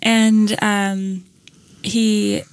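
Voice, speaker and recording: Woman, casual chat, storytelling, acts out quotes, fillers, middle pitch, dry close sound. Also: little pitch movement, drawn-out words, vocal fry, clear, resonant tone, no room sound.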